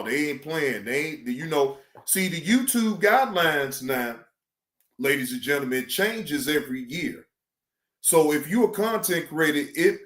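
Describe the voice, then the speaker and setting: A man chatting loosely and profanely on a live stream. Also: echoey room. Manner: loose, animated, profane, slangy, mimics others in high voice. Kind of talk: casual live stream chat.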